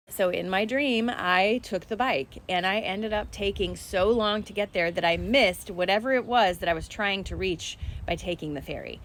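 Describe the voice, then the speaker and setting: A woman in a casual spiritual update, chatting straight to her viewers. Her voice sits at an ordinary middle pitch. A faint hiss of noise runs underneath. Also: normal speed, few pauses. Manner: chatty, conversational, addresses viewers directly. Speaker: spiritual energy vlogger.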